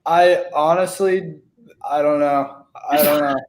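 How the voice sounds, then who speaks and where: A man, an improv player, asking questions in a slow, unsure way. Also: fairly high pitch, steady tone, reverberant, over a noisy crowd, rough recording.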